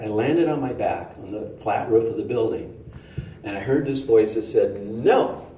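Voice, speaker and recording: A man giving a sermon in a storytelling way, animated and humorous. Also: lowish voice. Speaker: speaker at a spiritual center. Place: hall of a spiritual center. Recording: roomy hall, distant mic, faint noise.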